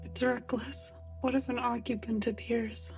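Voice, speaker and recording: A woman's voice: on the high side, flat delivery, a little slow, creaky, darkish tone. An actress playing a stern, impatient young woman in a video game, scolding in a clipped way. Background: faint game music.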